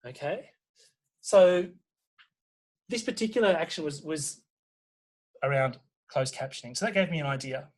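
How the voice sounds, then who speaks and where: With a slightly high voice at a normal pace, an Australian lecturer from a university presents at a conference, pausing often. He stays animated and checks in with listeners, and he frequently uses fillers and restarts his sentences.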